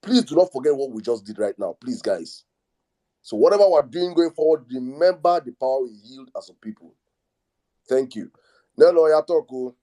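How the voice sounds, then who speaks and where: A man hosting a live online discussion, calming speakers and repeating himself for emphasis. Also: mid-range voice, normal speed. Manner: soothing, repeats calming phrases. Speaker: host. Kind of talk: live audio space discussion.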